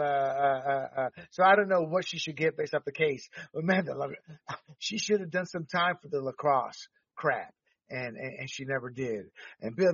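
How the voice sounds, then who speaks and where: A man's voice: a little high, a bit bright, no room sound, far from the mic. A man who grew up in Panama, hosting a podcast and delivering heated, emphatic political commentary with the odd swear word. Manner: heated, emphatic ranting with profanity. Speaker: podcast host. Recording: dull lo-fi, dry, set back from mic.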